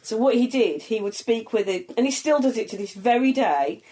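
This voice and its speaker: A woman's voice: fairly high pitch, moderate pace. Middle-aged black country woman, comic, chatty and sweary. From English Midlands. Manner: animated storytelling with swearing. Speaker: comedian guest. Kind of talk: casual chat.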